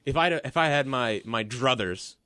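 A young man co-hosting a sports podcast, talking fast and emphatically with self-mocking asides. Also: medium pitch, expressive, sharp tone, smooth, dry recording. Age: young adult. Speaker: podcast co-host. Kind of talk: casual sports chat. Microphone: podcast microphone.

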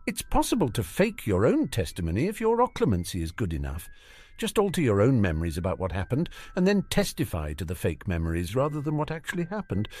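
A man voicing a mischievous, scheming adult wizard who speaks with calm confidence in a storybook reading. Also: on the low side, fast talker, dry recording. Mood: explaining.

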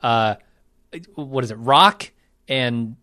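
A man's voice: medium pitch, very slow, bright, forceful tone, dry recording. A man co-hosting a podcast in casual chat, adding dry, wry quips. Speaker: podcast co-host.

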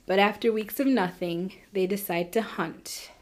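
Woman podcast host telling a crime story, casual and chatty, quick little asides. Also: mid-range voice, darkish tone. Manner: chatty, fast asides with nervous laughs.

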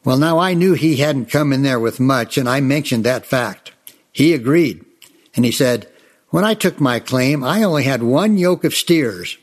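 A man's voice: mid-range voice, animated, normal speed. A man telling Old West tales in a chatty, folksy way, often calling his listeners folks. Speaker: storyteller.

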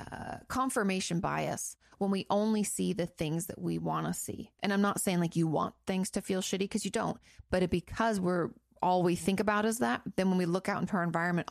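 A woman's voice: fairly low pitch, creaky, no echo, clean studio sound. A frank woman who used to be a therapist, giving casual, chatty advice with some swearing. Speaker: host, former therapist answering listener questions.

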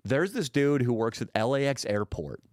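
A man telling a crude story in a casual podcast chat, profane and animated. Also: moderate pace, no echo, clean studio sound. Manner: animated, profane, mimics people in high put-on voices. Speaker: podcast guest.

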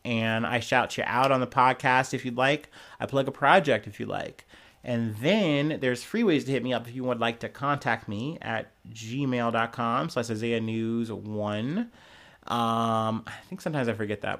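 A man's voice: medium pitch, moderate pace. Blunt, profane man hosting a podcast. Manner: blunt, profane and animated, with frequent laughs. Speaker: podcast host. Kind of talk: casual solo news commentary.

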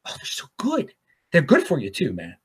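Male podcast host from Baltimore; loose solo monologue, animated pitch, stammering restarts and chuckles. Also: normal speed, breathy edge. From Baltimore, USA. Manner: rambling, repeats and restarts words, chuckles. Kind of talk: casual opinion monologue.

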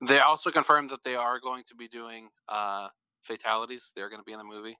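A man chatting easygoing on a podcast, trailing off with ums. His voice is very bright and smooth, recorded close and dry. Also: mid-range voice, flat delivery, fairly quick, dry recording, poor audio. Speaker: podcast co-host. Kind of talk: casual chat.

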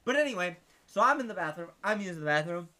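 Animated high-voiced male podcast host. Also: fast talker. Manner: animated, acts out voices, laughs often. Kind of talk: casual storytelling chat.

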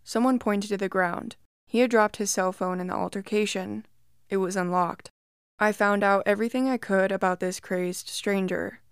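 Woman narrator for scary online stories, smooth clear voice, dry close sound, steady reading. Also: medium pitch, no echo. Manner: steady, measured first-person reading. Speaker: story narrator. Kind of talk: scripted narration of reddit horror stories.

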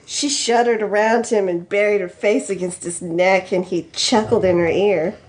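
A woman's voice: mid-range voice, steady tone, moderate pace. A woman co-hosting a podcast, reading fan fiction aloud with wry asides and laughter. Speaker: podcast host.

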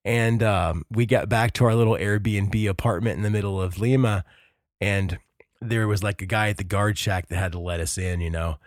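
A man's voice: lowish voice, fairly even intonation, moderate pace, dry recording, clean studio sound. A man hosting a podcast in casual chat, enthusiastic and rambling, with many fillers and restarts. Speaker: podcast host.

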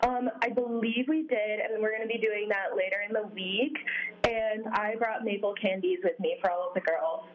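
A young woman from Vermont chats as a guest over a slightly dull, lo-fi line. Her pitch sits in the middle of the range. She sounds cheerful and drops in plenty of ums as she answers. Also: steady tone, normal speed. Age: young adult. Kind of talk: casual interview.

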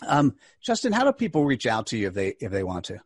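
A man hosting an interview, speaking politely and haltingly, often restarting his sentences. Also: medium pitch, wildly swooping pitch, slightly rough, dry recording, studio quality. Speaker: host.

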